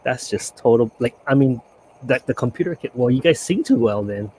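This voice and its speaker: A man with an average-pitched voice chats casually, often pausing and restarting with fillers. The talk is relaxed and unscripted. Faint background hum is audible. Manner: chatty, halting, with many fillers. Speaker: stream guest. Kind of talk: casual live-stream chat.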